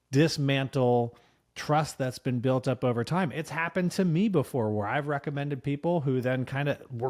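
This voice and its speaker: Male co-host, mid-pitched, reflective and conversational, casual business chat. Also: darkish tone. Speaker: podcast co-host.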